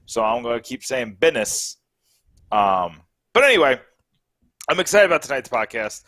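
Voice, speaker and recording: A man's voice: medium pitch, very animated, normal speed, a bit bright, no echo. A man co-hosting a sports podcast in casual, rambling, upbeat chat. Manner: rambling, upbeat, restarts often. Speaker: podcast co-host.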